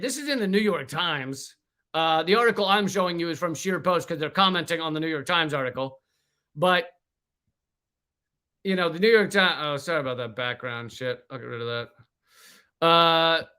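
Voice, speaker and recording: A man streaming live from a stuffy room, talking in a high, bright voice. He rants casually and jokes a lot, with plenty of swearing. His delivery stays loose and animated as he hosts his own show. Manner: profane, joking, animated. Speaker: livestream host. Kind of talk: casual political livestream rant. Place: hot room without a fan.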